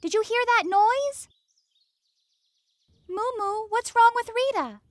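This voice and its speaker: A woman voicing a curious, excitable young female animal in a dubbed cartoon, full of questions. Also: very high-pitched, slow, no echo, studio quality. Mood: inquisitive. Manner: inquisitive, excitable, asks many questions. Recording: children's music under the voice. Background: children's music.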